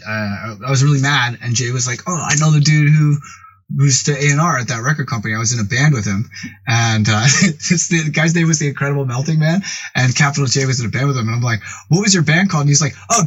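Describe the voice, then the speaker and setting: A man's voice: medium pitch, brisk, slight background noise, poor audio. A middle-aged man, a music producer, telling a long anecdote as a podcast guest and acting out what others said. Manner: animated, acts out quoted voices loudly. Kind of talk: casual storytelling.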